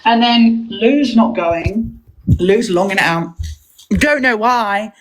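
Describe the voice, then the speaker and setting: Animated woman livestreamer. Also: mid-range voice, slow pace, faint music behind, poor audio. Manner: animated storytelling, acts out quoted voices. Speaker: livestream host. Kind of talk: heated livestream chat.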